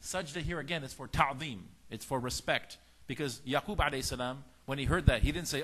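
Animated man giving a religious talk. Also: medium pitch, fairly quick, hardly any pauses, slight background noise. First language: Farsi speaker. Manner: animated storytelling, acts out dialogue in shifting voices. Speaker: religious teacher. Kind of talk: sermon-style lecture.

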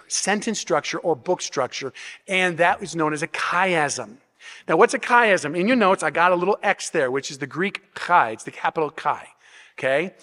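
This is a man's voice that sits high and comes across a bit bright. He's a pastor giving an expository sermon in a church sanctuary, explaining step by step, asking rhetorical questions, often restarting and repeating words, all under long hall reverb.

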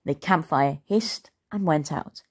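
A woman reading a children's story aloud as a storyteller, expressive and playful. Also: sits low, slow pace, slightly rough.

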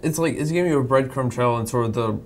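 A man's voice: medium pitch, quick pace, a little mellow, a little hiss or hum. A man on a casual movie podcast who speaks hesitantly and leans on a lot of fillers.

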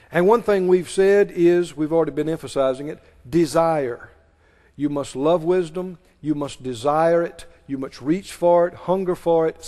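Man, pastor, preaching a sermon, emphatic, high voice, reverberant hall. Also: darkish tone. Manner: emphatic preaching, leads the congregation in call-and-response. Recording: long reverb of a large hall.

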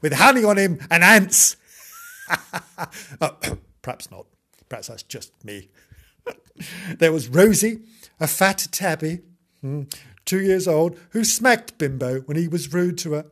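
A husky-voiced man reads a children's story in a mock-sweet tone, breaking off for cheeky asides. His pitch swings widely and sits on the high side. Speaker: comic storyteller. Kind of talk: comic children's book reading with ad-libs.

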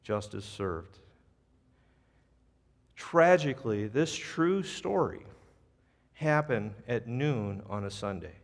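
An American man preaching a sermon as pastor, telling a story in an animated, storytelling manner. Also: medium pitch, slow, long pauses. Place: church sanctuary. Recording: long church reverb.

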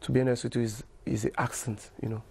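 Soft-spoken man with gravelly voice. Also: medium pitch, level tone. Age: 30s. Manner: halting, repeats words, many "you know". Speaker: guest footballer. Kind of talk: casual interview chat.

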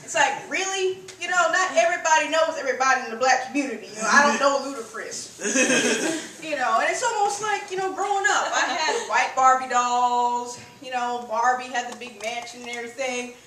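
In a high, somewhat bright voice that runs a little fast, a young woman delivers brash, foul-mouthed stand-up with punchy rhythm. The sound is echoey, captured far from the microphone.

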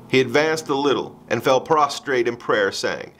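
Man reading scripture slowly and solemnly. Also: medium pitch, expressive, fairly bright tone, soft background music. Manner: slow, measured, solemn reading. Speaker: pastor.

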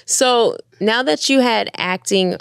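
A woman hosting a cooking show, chatting playfully with her guest in a kitchen and firing off animated questions. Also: fairly high pitch, slow pace, vocal fry, smooth, dry recording, clean studio sound. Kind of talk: casual interview chat.

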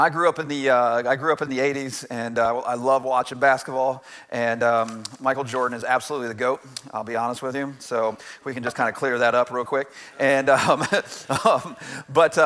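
A man's voice: fairly high pitch, a bit bright. A man in his forties preaching a conversational sermon to his church, often tossing in "right?" and laughing along as he talks. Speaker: pastor. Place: church sanctuary.

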